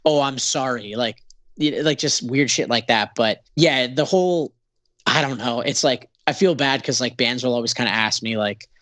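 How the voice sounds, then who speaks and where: A man's voice: medium pitch, moderate pace, fairly bright tone, dry recording. A Canadian man, a band's singer, talking as a podcast guest in a sarcastic, profane, rambling way with lots of fillers. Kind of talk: casual podcast interview.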